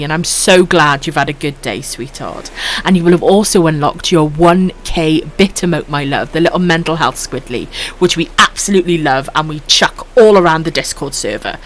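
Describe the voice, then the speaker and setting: A woman's voice: low-pitched, a little hiss or hum. A Welsh woman in her thirties chatting casually on a late-night stream, swearing freely and calling viewers pet names. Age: 30s. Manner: foul-mouthed, affectionate, reads chat aloud, giggly.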